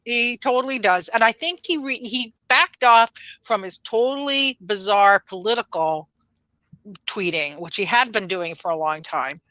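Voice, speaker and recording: Bright-voiced woman rambling on a podcast. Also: medium pitch, a little slow, no echo, rough recording. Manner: rambling, full of "you know" fillers. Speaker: podcast guest. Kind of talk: casual podcast chat.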